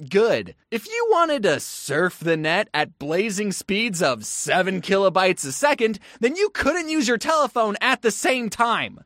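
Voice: medium pitch, a bit bright, dry recording, clean studio sound. A creator in their twenties narrating a scripted video in a wry, self-mocking way, with playful asides. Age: 20s. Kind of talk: casual scripted commentary.

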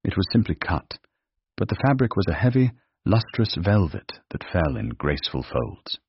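A man narrating a period romance story in a measured, dramatic manner. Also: sits low, big pitch swings, a little hiss or hum. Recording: dry, dull lo-fi.

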